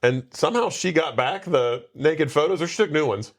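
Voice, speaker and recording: A man's voice: fairly high pitch, lively intonation, normal speed. Man casually recapping a movie plot. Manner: rambling retelling with many "like" and "he's like" asides. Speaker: podcast co-host.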